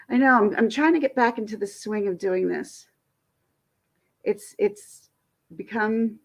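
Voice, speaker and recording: A woman's voice: mid-range voice, vocal fry. Frustrated woman venting on a livestream. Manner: venting, frustrated, rambling with restarts. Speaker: livestream host. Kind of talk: casual livestream chat. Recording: dull lo-fi stream audio.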